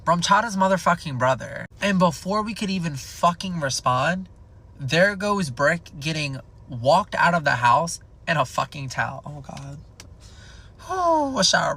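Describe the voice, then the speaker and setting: A young man telling a comedic storytime in a casual, rambling, profane way, packed with "like". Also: a little high. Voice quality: gravelly fry. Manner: rambling, profane, animated, filled with "like".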